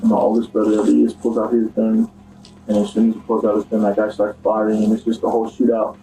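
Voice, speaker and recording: A young man shakily recounting a traumatic event in an interview, halting and restarting often. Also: lowish voice, monotone, warm tone, rough recording. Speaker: interview subject.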